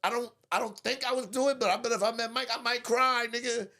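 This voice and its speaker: Podcast host dude, raspy gravelly voice, cussing and cracking up while he tells a story. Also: very high voice, fast, crowd noise. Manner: animated storyteller, profane, laughs often. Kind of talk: casual podcast chat.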